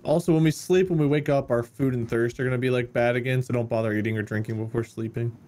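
A man's voice: medium pitch, fairly even intonation, fast, darkish tone. A man chatting while playing a co-op video game, jittery and talking to himself as he plays. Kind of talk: casual gaming chat.

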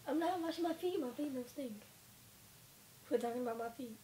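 A woman's voice: high-pitched, animated, brisk, mellow, slight background noise. A young adult woman, the vlogger's girlfriend, insisting and defending herself in casual talk. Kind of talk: casual chat.

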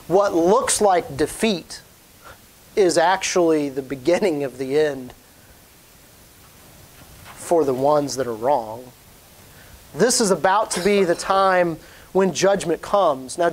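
Male pastor, higher-pitched, earnest sermon delivery with emphatic rises. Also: unhurried.

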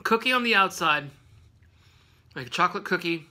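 Guy with a high, really bright voice doing a chill snack review at home, rambly, lots of likes and laughs. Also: lively intonation, normal speed. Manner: rambling, filler-heavy, laughs often. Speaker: vlog host reviewing snacks. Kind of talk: casual snack review vlog.

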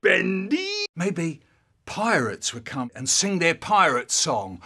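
Guy rambling through a goofy story, bright voice, pitch jumping everywhere, loud then mumbly. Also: huge pitch swings, slow, breathy edge. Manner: wildly swinging pitch and loudness, sudden shouts. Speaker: comic storyteller. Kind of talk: comic monologue, remixed.

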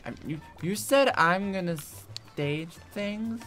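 A woman's voice: medium pitch, expressive, slow pace, fairly bright tone, faint music behind. A woman streaming a co-op cooking game, chatting casually in a playful, teasing way. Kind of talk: casual gameplay chat.

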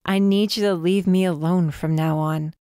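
A woman voicing a frightened but defiant young female student, emphatic and often shouting. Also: on the low side, fairly even intonation, normal speed, smooth, no room sound, clean studio sound, close to an everyday voice. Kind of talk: audiobook character voice.

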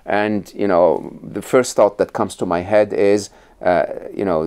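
A man's voice: fairly low pitch, fairly even intonation, measured pace, few pauses, darkish tone, clean tone. A middle-aged man from Egypt, a podcast guest telling stories and explaining ideas in a conversational interview, with many restarts and check-ins like "right?".

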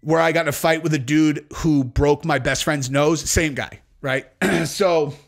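A man in his forties hosts a podcast and tells a long, rambling story, swearing freely and breaking into laughter. His voice sits a little higher than most men's. He speaks casually, with many fillers. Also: fairly even intonation, a little slow, creaky. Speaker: podcast host.

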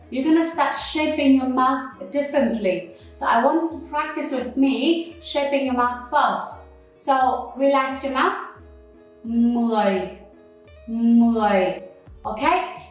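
Woman language teacher, high voice, slow deliberate delivery, very echoey room with faint background music. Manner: slow, careful, models pronunciation. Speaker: Vietnamese teacher. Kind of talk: language lesson to camera.

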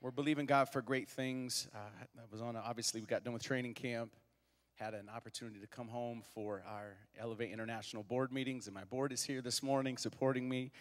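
A man's voice: mid-range voice, steady tone, fairly quick, in a large hall. A young man preaching a sermon in a church, joking with the congregation and leading call-and-response. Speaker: guest preacher. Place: church sanctuary.

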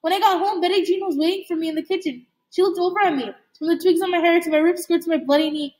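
A woman reading a novel aloud in a halting way, with slips and restarts. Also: very high-pitched, steady tone, a little mellow. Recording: echoey room.

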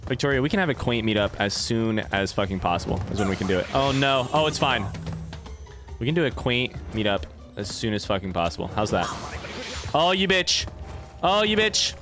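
Excitable male streamer, lively voice. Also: fairly low pitch, fairly quick, music in the background. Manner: excitable, swings into yelps and shouts at failures; chatty with chat, reads messages aloud. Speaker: streamer playing a game. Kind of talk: casual let's play commentary.

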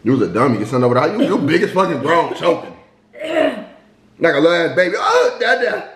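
A man's voice: a little high, lively intonation, fast talker, a crowd in the background. A man bantering casually with his wife over a meal, teasing and cursing in a bossy, profane way. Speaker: vlogger, husband. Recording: echoey room, faint noise.

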